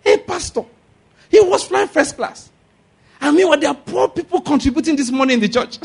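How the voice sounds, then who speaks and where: A man putting on the voice of a scandalized, gossiping churchgoer, high-pitched and mocking. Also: expressive, brisk, vocal fry, full character voice. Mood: indignant.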